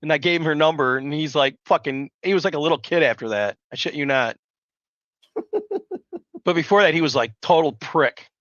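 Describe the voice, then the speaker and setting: A man rambles through a live stream, loud and foul-mouthed. His voice is forceful and a bit high, and the sound is dull and dry, like a lo-fi mic. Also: fast talker, hardly any pauses, no room sound. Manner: loud, rambling, swears constantly. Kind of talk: profane casual storytelling chat.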